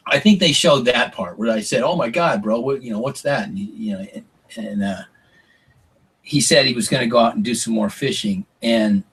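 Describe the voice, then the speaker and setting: A middle-aged man guesting on a podcast, telling stories in a lively way, acting out what people said and swearing casually. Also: mid-range voice, breathy edge, distant mic. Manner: animated storyteller, acts out quotes, swears casually. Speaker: podcast guest, former reality show contestant. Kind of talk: casual storytelling interview.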